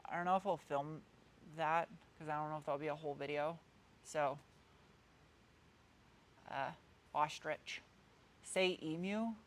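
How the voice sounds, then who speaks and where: A woman in her thirties with a New England accent, chatting casually and rambling as she answers viewers' comments during a live stream. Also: lowish voice. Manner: chatty, rambling, meandering with frequent restarts. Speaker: car channel host.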